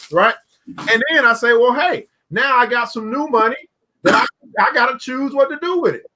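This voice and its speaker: High bright-voiced guy hosting a money talk show, folksy, preachy, repeats himself a lot. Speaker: show host. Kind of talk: casual business talk to camera.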